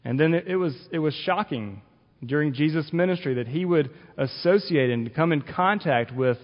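A man's voice: fairly high pitch, normal speed. A male pastor giving an earnest sermon, explaining scripture with occasional restarts. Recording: dull audio with long reverb in a hall.

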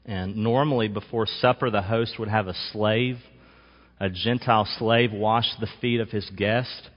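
A man with a fairly low voice delivers a sermon, measured and emphatic, leaning hard on key words. The sound is a bit dull and muffled, with long reverb trailing behind him. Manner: measured, emphatic preaching with slow stressed phrases. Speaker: pastor.

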